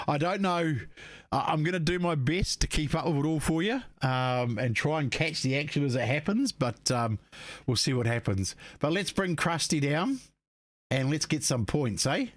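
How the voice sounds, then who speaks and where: A man's voice: on the high side, fairly bright tone, dry recording. A man hosting live stockcar race commentary, laid-back and matey, chatting to drivers and viewers. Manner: laid-back, matey, peppers talk with "mate" and "eh". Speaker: race commentator and stream host.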